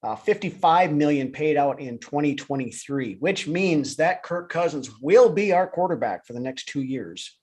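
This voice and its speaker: A man's voice: fairly high pitch, lively intonation, moderate pace, a little mellow, husky. Chatty man hosting a live sports show. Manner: chatty, many fillers and restarts. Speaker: podcast co-host. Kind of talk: casual live sports talk.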